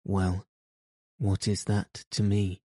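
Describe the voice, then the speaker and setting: A distraught wife, betrayed and bitter, voiced by a male reader. Her lines come out curt and clipped, low and flat in pitch, in a dark, mellow tone. The sound is close and dry. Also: slow, no echo. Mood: bitter despairing.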